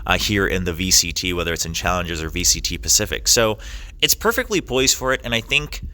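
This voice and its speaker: Young guy esports caster, deep but bright voice, lots of ums and restarts. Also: lively intonation, quick pace. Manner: thoughtful, hedging with fillers and restarts. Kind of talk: casual interview answers.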